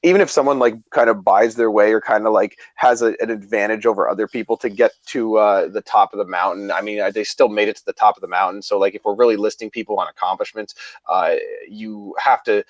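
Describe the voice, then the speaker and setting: A man's voice: lowish voice, steady tone, fast, dry recording, dull audio. A man co-hosting a podcast, chatting casually and hedging with lots of "like". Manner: chatty, hedging with many likes. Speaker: podcast co-host.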